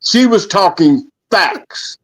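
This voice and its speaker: A man's voice: sits high, animated, takes it slowly. A man co-hosting a podcast, arguing his point in a heated casual debate and pressing it again and again. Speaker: podcast co-host.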